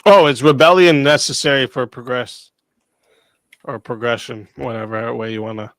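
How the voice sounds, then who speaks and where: A man hosting a casual online debate stream, laid-back and quick to laugh. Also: mid-range voice, steady tone, a bit bright, dry recording. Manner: laid-back, laughs often, talks with food in mouth at times. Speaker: stream host and debate moderator.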